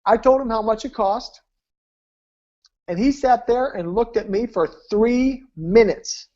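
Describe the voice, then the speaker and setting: A man's voice: very high-pitched, a little slow, dark tone. A man presenting his weight-loss program, telling success stories in an emphatic, repetitive, preacher-like way over a video call. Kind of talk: storytelling sales talk. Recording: dull lo-fi call audio.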